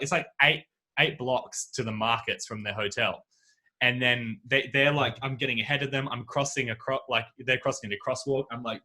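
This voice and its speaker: A man spins an anecdote on a casual podcast, his voice bright and forward. He jumps into the voices of everyone in his story as he goes, and he is talking into a home video-call mic. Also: medium pitch. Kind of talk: casual chat. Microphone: video call microphone.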